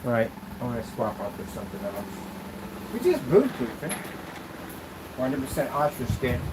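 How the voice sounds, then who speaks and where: A man's voice: mid-range voice, sing-song, moderate pace, background noise. A man hosting a casual product demo vlog, rambling loosely with asides as he shows projection screens. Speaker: channel host demonstrating projection screens.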